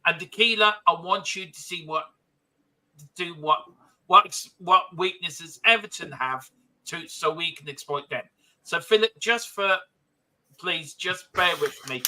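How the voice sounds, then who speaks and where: A man hosting a casual football podcast, rambling with many restarts and quick to laugh. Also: on the high side, bright, forceful tone, low-quality recording. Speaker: host.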